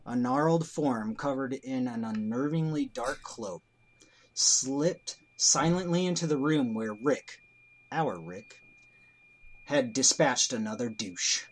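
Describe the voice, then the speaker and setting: A man co-hosting a podcast, telling an improvised comic story in a deadpan way, full of crude insults. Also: medium pitch. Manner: deadpan, drawn-out delivery punctuated with crude insults.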